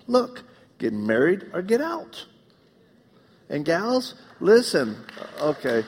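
A middle-aged man preaching a live sermon, animated and joking, acting out the voices in his stories. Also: fairly high pitch, measured pace, breathy edge. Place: church auditorium. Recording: long reverb of a large hall.

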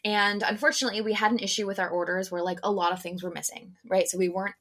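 A young woman co-hosts a relaxed podcast conversation. She tells a story with lots of energy and leaps into high, exaggerated voices when she imitates other people. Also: fast talker. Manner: animated storyteller, acts out customers with big pitch jumps. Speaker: podcast co-host. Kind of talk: casual podcast chat.

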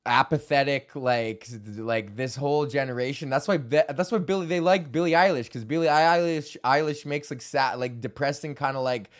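A man's voice: medium pitch, moderate pace, hardly any pauses. A young man from Canada hosting his own podcast, rambling casually while stoned, swearing a lot and laughing often. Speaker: podcast host.

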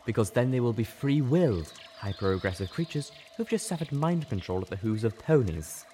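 A man voicing a calm, serene male pony healer who speaks in a measured way. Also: medium pitch, a little hiss or hum, voice pushed up, close to an everyday voice.

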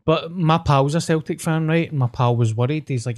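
A man's voice: a little high, a little fast, hardly any pauses, darkish tone. A young Scottish man in casual podcast chat, telling stories in a chatty, sweary way.

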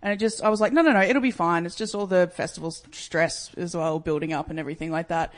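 A woman's voice: fairly low pitch, fast talker. A woman co-hosting a comedy podcast, talking casually with dry, teasing remarks. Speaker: podcast co-host. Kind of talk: casual chat.

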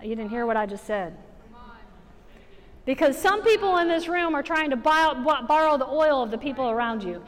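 A woman preaching a sermon to a church congregation, animated and building to emphatic exhortation. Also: high voice, moderate pace. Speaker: guest preacher. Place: church sanctuary. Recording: reverberant hall.

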